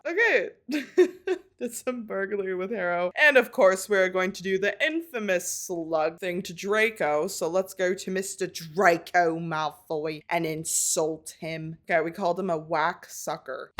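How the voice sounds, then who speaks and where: A young woman talking through a life-sim game in a casual vlog, chatty and quick to laugh. She swears offhandedly and keeps the banter loose and playful. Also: mid-range voice. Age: young adult. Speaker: gaming vlogger. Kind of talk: casual let's-play commentary.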